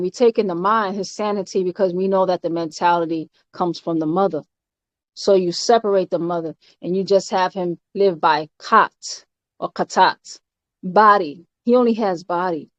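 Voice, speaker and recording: A woman's voice: on the low side, no room sound. Emphatic woman teaching, dull dry recording. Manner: emphatic, often ends points with "all right?"; halting, with frequent fillers and repeated words. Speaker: spiritual teacher. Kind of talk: informal doctrinal teaching.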